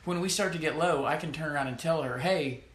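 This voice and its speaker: A man's voice: a little high, fast talker, fairly bright tone. A man co-hosting a podcast, chatting casually and joking as he tells stories. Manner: joking, storytelling, laughs often. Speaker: podcast co-host. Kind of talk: casual chat. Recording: echoey room with faint noise.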